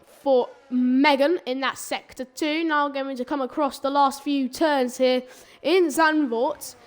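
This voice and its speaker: A woman's voice: high voice, fairly even intonation, slow. Chatty, rambling female race commentator. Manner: rambling, chatty, stumbles and corrects herself. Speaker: sim racing commentator. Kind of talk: live esports race commentary.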